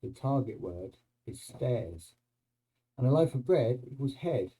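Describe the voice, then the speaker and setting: A man's voice: medium pitch, animated, measured pace, warm tone, breathy edge, low-quality recording. A man hosts his own video channel, explaining slang in a wry, conversational way and checking in with the viewer. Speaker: YouTube host explaining slang.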